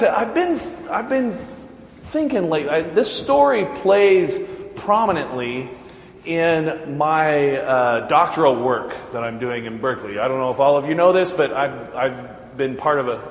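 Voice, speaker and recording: A man preaching a sermon as pastor, talking in a conversational, joking way and laughing often. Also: medium pitch. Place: church sanctuary. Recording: echoey church hall reverb.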